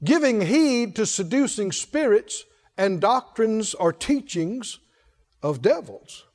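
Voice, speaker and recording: A male pastor preaching a sermon in an emphatic call-and-response style, shouting some refrains. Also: sits high, very animated, slow pace.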